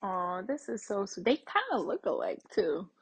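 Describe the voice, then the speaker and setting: A woman's voice: mid-range voice, big pitch swings, normal speed, fairly bright tone, breathy edge, rough recording. A young adult woman hosting a TV reaction video, chatting casually to her viewers and thinking aloud with plenty of fillers.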